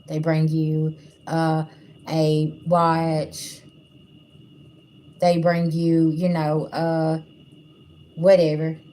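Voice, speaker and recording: A woman's voice: low voice, completely flat delivery, extremely slow, pauses often, dark tone. A woman doing a livestream spiritual reading, talking bluntly and casually to her viewers. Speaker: spiritual reader. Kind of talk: livestream tarot-style reading.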